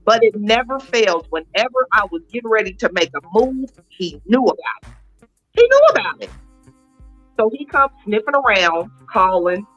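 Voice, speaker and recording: A woman's voice: mid-range voice, moderate pace, lo-fi sound, soft background music. A woman in her late forties, an interview guest, telling her personal story candidly and acting out quoted dialogue. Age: 40s. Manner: animated, emphatic retelling with quoted dialogue.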